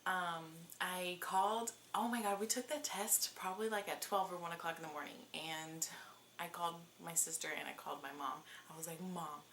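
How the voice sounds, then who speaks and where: A woman's voice: on the low side, fairly even intonation, brisk, a bit bright, slight background noise. A woman in her twenties telling a personal story in a casual, chatty vlog, with many fillers. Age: 20s. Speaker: vlogger.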